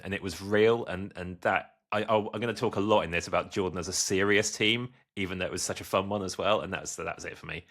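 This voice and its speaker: A man with a very low voice chats as a podcast guest. He restarts his sentences often, then rushes ahead when he gets going. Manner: hesitant restarts, quickens when excited. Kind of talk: casual chat.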